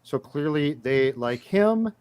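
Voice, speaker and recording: A man co-hosting a sports podcast, casually chatting and briskly reading out news. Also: fairly high pitch, animated, darkish tone, clear, resonant tone, no room sound. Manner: brisk, reads lists of names in quick bursts. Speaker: podcast co-host.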